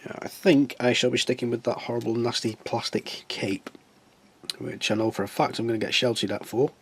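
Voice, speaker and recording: In this casual hobby tutorial, a stuffy-nosed man works on a scale model, chatting and mocking himself and muttering to himself as he works. He speaks at a normal speed in a medium-pitched, steady voice that has a breathy edge.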